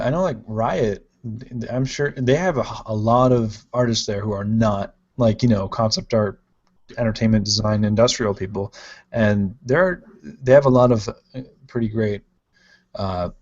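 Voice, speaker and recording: A man from Ohio hosts a live-stream podcast, chatting casually and playfully reading out viewer comments. His voice is on the low side and slightly mellow, at a moderate pace, and the stream audio is dull and lo-fi.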